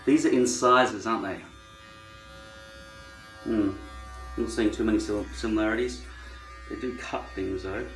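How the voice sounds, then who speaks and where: A man's voice: on the low side, moderate pace, long pauses, fairly bright tone. An Australian man rambling wryly to camera in a casual vlog, musing aloud as he trims his hair. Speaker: vlogger. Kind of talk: casual monologue while trimming hair. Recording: echoey room, faint music. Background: electric trimmer buzzing.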